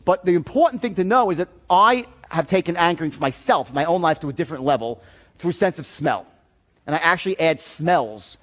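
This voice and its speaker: A man giving a seminar talk as a sales trainer, telling stories in an animated, profane way. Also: a little high, a little fast.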